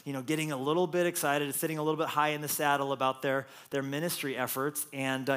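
A man preaching a lively, jokey sermon as pastor, acting out quotes with playful voices. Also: medium pitch.

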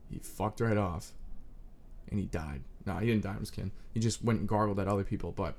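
A young man in his twenties, riffing in a crude, self-mocking, scattered comedic monologue with sudden loud outbursts. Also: on the low side, a little fast.

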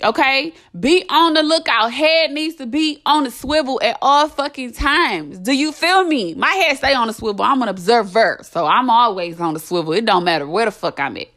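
A woman's voice: fairly high pitch, expressive, normal speed, few pauses, a bit bright. A young adult woman hosting a podcast, delivering a blunt, impassioned monologue full of swearing and emphatic repetition. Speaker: podcast host.

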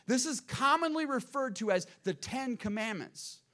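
High-voiced preacher with dramatic swings. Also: male voice, lively intonation, moderate pace. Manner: dynamic preaching, swings between loud emphasis and hushed lows. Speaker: pastor. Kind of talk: sermon.

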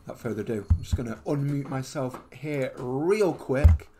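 A man's voice: mid-range voice, animated, moderate pace, warm tone, slight background noise. A man hosting a casual podcast over a voice call, rambling and self-mocking, often stumbling over his words. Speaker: podcast host. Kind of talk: casual chat.

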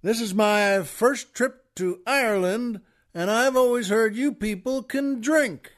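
A man playing a big, loud, brash Texan cowboy who booms out slow, boastful lines. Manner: booming, drawn-out boasting.

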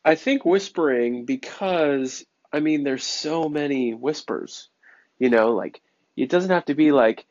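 A man's voice: a little high, animated, normal speed, a little mellow, dull audio. A man in casual chat, rambling in a hesitant way. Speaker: panelist.

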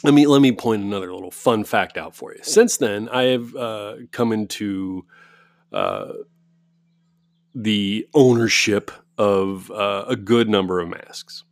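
An American man telling a story alone in a home studio, profane and animated, ranting and swearing as he goes. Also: on the low side, a little slow, dry recording. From United States. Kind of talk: casual storytelling monologue.

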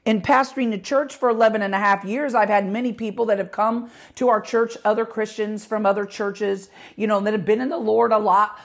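A middle-aged woman pastor preaching with passion, her voice growing louder as she gets excited. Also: medium pitch, fairly quick, hardly any pauses. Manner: passionate, rising volume when excited. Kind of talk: podcast sermon.

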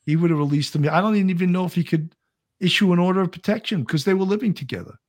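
A man's voice: high voice, fast talker. A man, co-hosting a casual live-stream chat and reading out viewer comments. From Brooklyn, New York. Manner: chatty, reads viewer comments aloud. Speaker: co-host.

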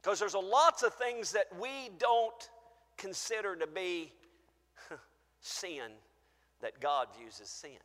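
A man pastor preaching a sermon in a church, shifting from quiet low asides to loud, shouted acted-out pleas. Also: animated, slow pace, pauses often. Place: church sanctuary. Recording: church sanctuary with long reverb.

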